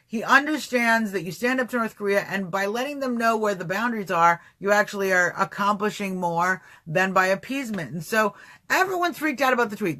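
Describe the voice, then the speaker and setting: A man hosting a casual livestream talk show, rambling and animated, answering chat comments as he goes. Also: high-pitched. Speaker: livestream host.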